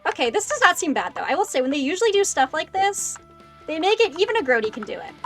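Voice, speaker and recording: A young woman streams a game and chatters excitedly, often poking fun at herself. Her voice is high and lively, with big swings in pitch. She is close to the mic, and faint game music plays behind her. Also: fast. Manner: excitable, self-deprecating chatter. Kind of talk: casual gaming livestream chat. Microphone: close desk microphone.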